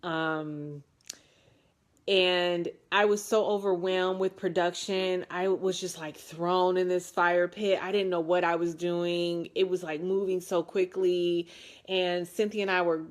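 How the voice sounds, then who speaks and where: Answering viewer comments in a relaxed live chat, this Detroit woman in her forties speaks on the low side with little pitch movement. She takes her time, meandering with frequent ums and restarts and poking fun at herself.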